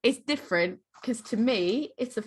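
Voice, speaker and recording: A lively American woman co-hosting a casual podcast, her pitch leaping up and down as she talks. She sounds playful and giggly, and she likes to argue a point with a laugh. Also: normal speed, a little hiss or hum. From United States. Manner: animated, giggly, playful arguing. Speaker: podcast co-host. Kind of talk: casual chat.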